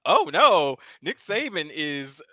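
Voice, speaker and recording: A man's voice: on the high side, very animated, slow pace, bright, forceful tone, no echo. A man talking in a playful way in a casual chat as a host, laughing often.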